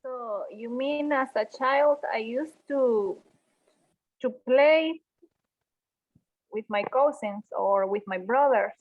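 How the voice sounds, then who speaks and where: A woman's voice: a little high, slow, pauses often. A woman student answering hesitantly during an online class. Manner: hesitant, unsure. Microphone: video call. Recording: tinny video call audio.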